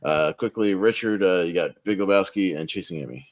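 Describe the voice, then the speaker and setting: A man's voice: sits low, a little fast, no echo. A man co-hosting a casual panel chat, talking with many fillers and laughing between lines. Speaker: co-host running the voting.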